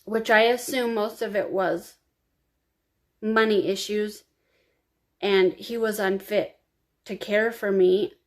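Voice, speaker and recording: A woman's voice: mid-range voice, fairly even intonation. A woman telling her own life story to camera, confiding and emotional, crying as she speaks. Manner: emotional, confiding, slow and halting. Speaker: vlogger.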